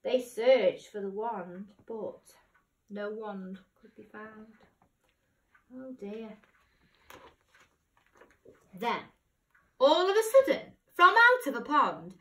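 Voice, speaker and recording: A woman teacher reads a rhyming picture book aloud in a slow, animated way. She swings between hushed whispers and loud cries. The sound is roomy, with the mic set well back. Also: fairly high pitch, recorded from a distance. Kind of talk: storybook read-aloud.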